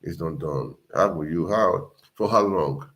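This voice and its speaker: Deep-voiced man exhorting viewers. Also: unhurried, a bit bright. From Nigeria. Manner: earnest, repetitive, exhorting. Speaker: livestream host. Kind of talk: casual livestream monologue.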